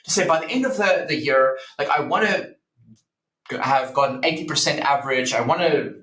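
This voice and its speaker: A man with a fairly high voice speaks as a psychology professor in a casual interview. He explains earnestly, drifting into lively stories and filling gaps with ums, while the room rings with an audible echo. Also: a little fast. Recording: roomy echo.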